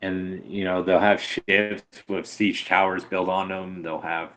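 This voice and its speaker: Deep-voiced game master, halting narration. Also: male voice, level tone, a bit bright. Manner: halting, many fillers.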